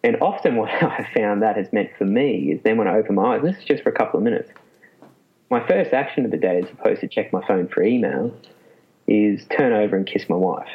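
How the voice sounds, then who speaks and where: A man, a psychologist being interviewed, explaining in a lively way and laughing often. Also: lowish voice, brisk, breathy edge. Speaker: clinical psychologist guest. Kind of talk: casual interview talk. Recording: muffled lo-fi sound.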